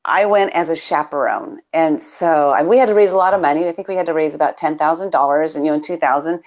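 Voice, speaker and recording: A woman's voice: low-pitched, quick pace, a little mellow. A woman from the United States co-hosting a live video show, telling stories in a bubbly way with frequent laughs. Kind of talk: casual live-stream chat.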